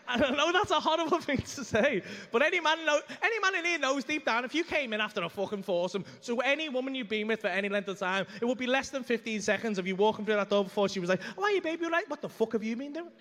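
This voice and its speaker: A man doing stand-up storytelling on a club stage, sweary and animated, acting out his own dialogue. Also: very high voice, quick pace. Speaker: stand-up comedian. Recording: live club room with faint ambience.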